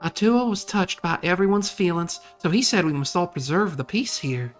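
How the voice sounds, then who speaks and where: A woman's voice: fairly low pitch, expressive, normal speed, faint music behind, voice pushed up, natural voice. A woman voicing a bubbly, devout teen girl in a sing-song Southern US accent. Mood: cheery.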